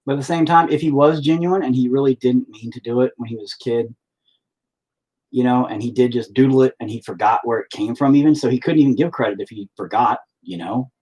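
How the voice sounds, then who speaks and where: A man's voice: mid-range voice, a little fast, darkish tone, breathy edge. A man talking to his live stream viewers while painting, in a candid, profane and self-deprecating ramble. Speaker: artist livestreaming while painting. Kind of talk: casual rambling chat. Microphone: laptop mic on a live stream.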